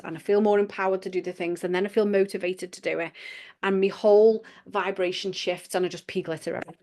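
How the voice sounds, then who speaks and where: A woman, a coach giving a live online workshop in a chatty, giggly, self-deprecating way with casual swearing. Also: medium pitch. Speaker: business coach.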